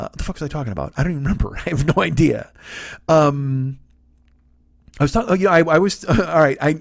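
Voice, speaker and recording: A man's voice: mid-range voice, no echo, clean studio sound. A man in his forties, a comedian hosting his own podcast, ranting through a profane comedic monologue. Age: 40s. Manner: ranting, heavy swearing.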